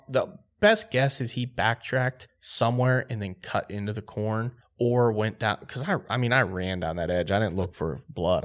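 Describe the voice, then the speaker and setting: A man telling a hunting story on a podcast, animated and acting out quotes. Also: on the low side. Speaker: podcast host.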